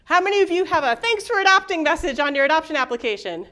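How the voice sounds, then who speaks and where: Middle-aged lady presenting at a conference, high voice, chatty and jokey, does little voices for people. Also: expressive, sharp tone. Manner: chatty, jokey, with quick asides and laughs; acts out quoted people in shifting voices. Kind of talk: casual conference talk. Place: conference room with live audience.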